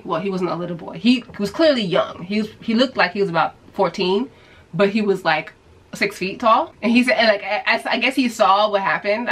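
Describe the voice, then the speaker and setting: A woman from New York telling a story to her viewers in a casual, animated way, acting out the people she quotes. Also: medium pitch, poor audio. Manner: animated storyteller who acts out quoted voices. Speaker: vlogger.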